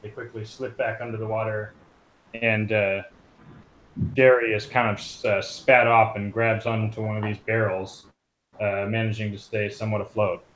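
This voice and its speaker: A man narrating as game master, relaxed and full of small pauses. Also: lowish voice. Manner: relaxed, full of fillers and restarts.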